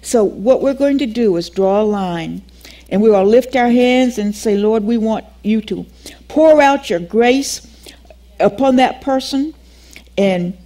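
An older woman teaching a Bible class, telling a personal story in an animated way, acting out the dialogue and laughing often. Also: on the high side, a little slow.

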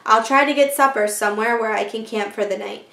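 A woman's voice: a little high, fairly quick, gravelly, bright, forceful tone, reverberant. A woman voicing a friendly, lonely male soldier in a children's storybook reading, with a kindly manner.

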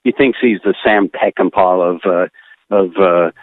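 An older man, an animator appearing as a guest, tells a candid story bluntly in a deep, unhurried voice. He is animated and acts out what other people said. The line sounds tinny, like a phone.

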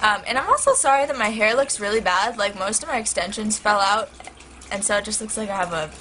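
Bright-voiced, gushing young woman vlogger. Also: medium pitch, fairly quick, rough recording. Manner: excitable, rambling, heavy use of "like". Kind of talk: casual chat to camera. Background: turtle tank filter hum.

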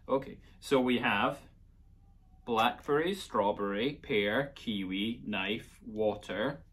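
A man with a Scottish accent teaching a playful children's music lesson, coaxing young listeners along. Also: medium pitch.

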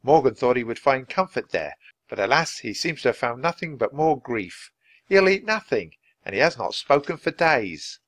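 A man's voice: medium pitch, sing-song, normal speed, a bit bright. A man doing a formal, courtly young man. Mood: solemn. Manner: formal, archaic. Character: courtly young male apprentice, old-fashioned speech.

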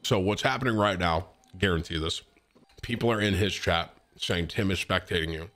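A young man streaming, chatting casually and excitably over gameplay while eating. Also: low voice, moderate pace.

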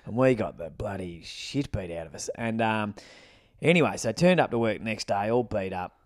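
A man's voice: on the low side, expressive, moderate pace, dry recording, clean studio sound. A middle-aged Australian man, co-hosting a podcast, telling a long rambling story with lots of swearing. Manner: rambling anecdotes, swears freely. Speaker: podcast co-host. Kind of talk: casual storytelling chat.

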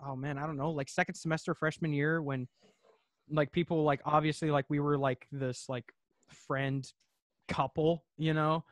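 Rambling man with a high voice. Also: little pitch movement, moderate pace, no echo. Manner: rambling, lots of filler words; laid-back storytelling. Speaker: podcast guest. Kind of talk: casual chat.

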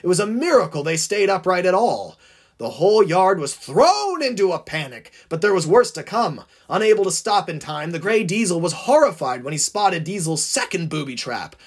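Male storyteller, husky voice, lively swooping pitch, dramatic fan-fiction reading.

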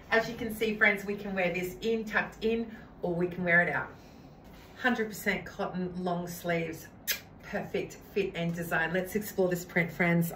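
A woman's voice: fairly low pitch, a bit bright, reverberant, far from the mic, a little hiss or hum, low-quality recording. A woman, enthusiastically trying on clothes for viewers she calls friends. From Australia. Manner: gushing, addresses viewers as friends. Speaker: fashion try-on vlogger. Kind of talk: clothing try-on haul.

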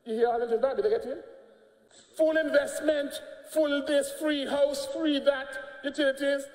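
The voice belongs to an older man with an Antiguan accent, a politician mocking and jabbing at opponents with laughter in a combative parliamentary speech. It is extremely high-pitched and darkish, with fairly even intonation at a moderate pace, recorded in an echoey chamber with long reverb.

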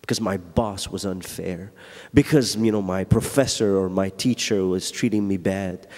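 A man teaching a Bible study in a church. He preaches in an animated way, swinging from loud, emphatic lines to low, quiet asides, and laughs often. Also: normal speed. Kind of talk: sermon. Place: church hall. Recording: long church hall reverb.

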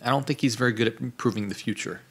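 A man co-hosting a podcast in casual chat, halting and restarting as he thinks aloud. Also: medium pitch, breathy edge. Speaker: podcast co-host.

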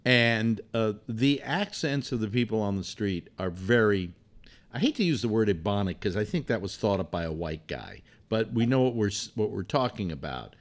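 A man hosting a casual call-in show, rambling and halting with many restarts. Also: lowish voice, lively intonation. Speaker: host.

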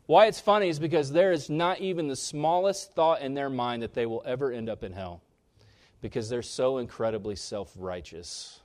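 Male pastor, mid-range voice, sermon delivery with strong emphatic rises and quiet drops. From Kansas. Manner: preaching with big swings in pitch and loudness, rising sharply on key points.

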